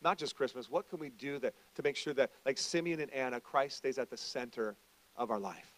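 Speaking a little fast at a mid-range pitch, a middle-aged pastor preaches in a conversational style. His delivery alternates between soft asides and loud, forceful passages.

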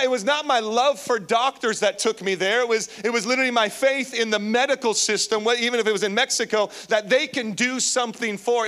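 A male pastor preaching a sermon to a live congregation, telling a personal story with lively energy and calling out to the listeners. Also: high-pitched. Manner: animated storytelling, calls out to the congregation. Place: church, before a live congregation.

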